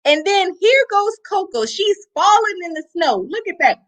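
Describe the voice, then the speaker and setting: A middle-aged woman reading a picture book aloud to children, slow and expressive, pointing out the pictures. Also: very high voice. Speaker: storyteller.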